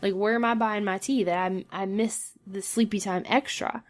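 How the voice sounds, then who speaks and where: A woman co-hosting a casual podcast, telling a story with a scratchy throat, animated and easily exasperated. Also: mid-range voice, normal speed. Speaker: podcast co-host.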